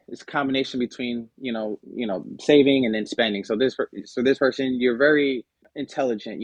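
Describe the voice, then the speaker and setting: A man's voice: medium pitch, no room sound. A man talking through money personality types on a personal finance podcast, casual and conversational, with frequent fillers and restarts. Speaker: podcast guest. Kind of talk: casual explanatory podcast talk.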